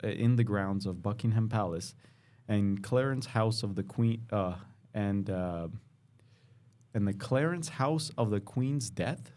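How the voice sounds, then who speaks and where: A man's voice: lowish voice, measured pace, a little mellow. A man co-hosting a podcast, casually reading a news story aloud and often stumbling and correcting himself. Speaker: podcast co-host.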